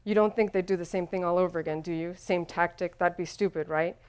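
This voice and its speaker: A nervous businessman mutters his worries under his breath, read by a woman. His voice sits a little lower than the narration, quiet and smooth. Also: fairly even intonation, quick pace, natural voice. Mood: hushed worry. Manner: hushed, worried. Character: anxious businessman in a suit, hushed.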